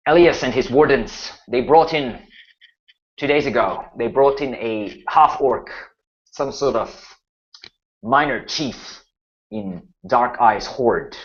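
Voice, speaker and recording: A man's voice: mid-range voice, big pitch swings, takes it slowly, voice pushed up. A man voicing a grim human general who speaks formally and gives orders. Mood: formal, stern. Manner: formal, commanding speech. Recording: muffled lo-fi recording.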